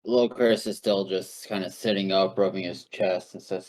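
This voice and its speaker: A man playing a tabletop game on a voice call, describing his character's actions in a slow, drawn-out way. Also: low voice, fairly even intonation, a little mellow. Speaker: player.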